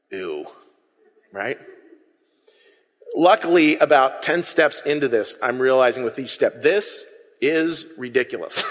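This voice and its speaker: A man preaching a sermon to a congregation. He talks in a lively, conversational way and has the audience repeat phrases back to him. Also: mid-range voice, in a large hall. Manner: animated, conversational preaching with audience call-and-response. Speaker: pastor.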